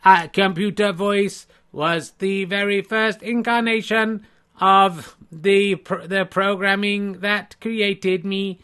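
A man putting on a vengeful humanoid robot come back from the future, talking in a slow, flat, measured way. The voice sits fairly high and sounds bright and forceful, like a comic sketch on a podcast. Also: smooth, full character voice. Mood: deadpan.

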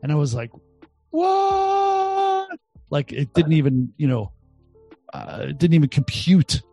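A man's voice: medium pitch, normal speed, gravelly, mellow, faint music behind. Exuberant Boston man telling travel stories. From Boston, USA. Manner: exuberant, jokey, acts out quotes in voices. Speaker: guest entrepreneur. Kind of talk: animated storytelling interview.

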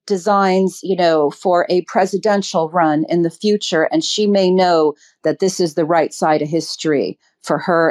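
A woman's voice: lowish voice, darkish tone. A woman speaking as an interview guest, earnest and emphatic, with ums and restarts as she thinks aloud. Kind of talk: political interview.

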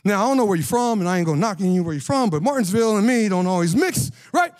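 High-voiced animated male preacher. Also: quick pace, dry recording. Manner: animated, slangy, asks the congregation questions. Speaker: pastor. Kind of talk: lively conversational sermon.

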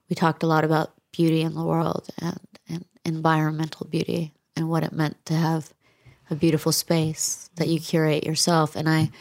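Low-voiced woman, frank and reflective. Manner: frank and reflective, with dry asides. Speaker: interview guest. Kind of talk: candid interview conversation.

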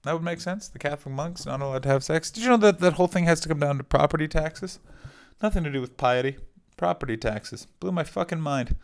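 A man hosting a podcast, ranting comically in a loud, excitable way, swearing and jumping between topics. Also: a little high, fast, creaky. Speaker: podcast host. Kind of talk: comic rant. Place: hotel room. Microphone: video call microphone.

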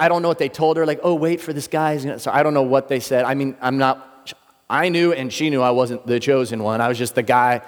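Brief: middle-aged man, mid-pitched preacher, animated storyteller, long hall echo. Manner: animated storyteller acting out quoted voices. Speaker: pastor. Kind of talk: sermon storytelling.

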